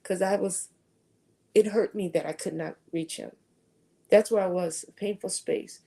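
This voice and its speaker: A woman's voice: mid-range voice, fairly even intonation, unhurried, vocal fry, dark tone. A woman giving a conversational faith talk at a retreat, sharing earnest personal testimony. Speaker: retreat speaker.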